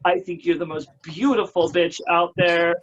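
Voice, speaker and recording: A man's voice: fairly high pitch, steady tone, moderate pace. A man in his thirties with an American accent, a drag queen talking campy and emotional, mixing crude jokes with heartfelt thanks. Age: 30s. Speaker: drag queen talk show host, guest. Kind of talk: casual interview chat. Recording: dull lo-fi sound.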